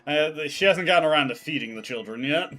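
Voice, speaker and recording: A man's voice: on the high side, animated, brisk, bright, forceful tone, faint music behind. A man streaming a game, making wry, joking asides and reading dialogue aloud. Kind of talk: casual gameplay commentary, reading dialogue aloud.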